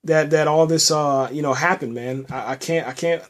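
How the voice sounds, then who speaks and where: A man with a slightly high voice hosts a podcast and recaps a TV episode at a moderate pace. His casual review is somber and emotional, rambling as he restarts often and ends phrases with "man."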